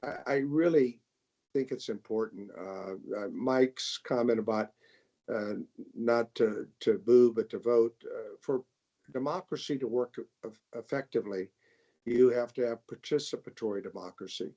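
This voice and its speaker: An older man, a congressman, speaking in a measured way on a panel discussion and often repeating words as he thinks. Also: medium pitch, dark tone. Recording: dull lo-fi sound.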